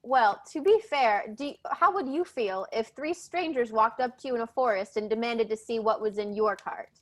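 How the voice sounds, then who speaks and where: A woman's voice: fairly high pitch, normal speed, close to an everyday voice. A woman voicing a smug, slippery male trader who is overly friendly and evasive. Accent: put-on Cockney, soon dropped. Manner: wheedling, overly friendly, hesitant.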